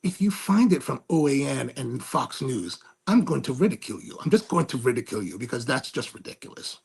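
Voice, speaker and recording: A man's voice: medium pitch, sing-song, fairly quick, gravelly, slightly rough. A man hosting his own show, telling a rambling, snarky story with many restarts. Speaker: host. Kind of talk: casual monologue.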